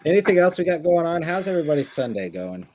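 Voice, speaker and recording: A man's voice: fairly high pitch, sing-song, fast talker, darkish tone, a little hiss or hum. A man hosting a casual livestream chat show, rambling with crude jokes. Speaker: show host.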